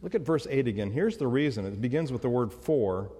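Animated preacher man in a reverberant hall. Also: mid-range voice, fairly quick, husky. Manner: emphatic, asks rhetorical questions. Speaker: pastor. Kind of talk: sermon.

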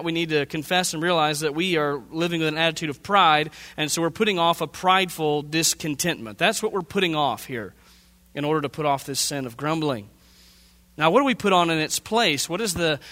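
Male pastor, fairly high, bright sermon voice, earnest teacher posing rhetorical questions; long hall reverb.

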